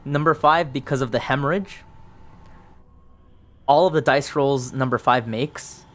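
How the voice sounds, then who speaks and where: A man's voice: mid-range voice, unhurried, a bit bright. A man casually narrating a solo tabletop game, thinking aloud through dice rolls with plenty of ums.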